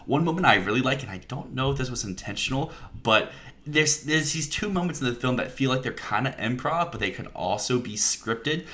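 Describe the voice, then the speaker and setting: A man's voice: medium pitch, expressive, brisk, pushed and bright. A man, a podcast guest, talking enthusiastically about films in a casual discussion and laughing often.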